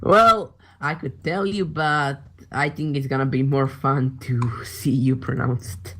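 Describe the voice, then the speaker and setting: A man from former Yugoslavia chatting about a game, halting and searching for words as he talks. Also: mid-range voice, fairly even intonation, a bit bright. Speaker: co-host translating unit names. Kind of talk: casual gaming chat.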